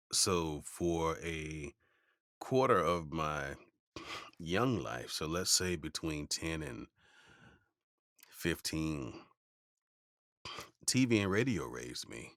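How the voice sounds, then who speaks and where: Very deep voiced guy telling stories, animated, dry close sound. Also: no echo. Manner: animated storyteller who slips into playful voices for quotes. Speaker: voice actor guest. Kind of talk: relaxed interview storytelling.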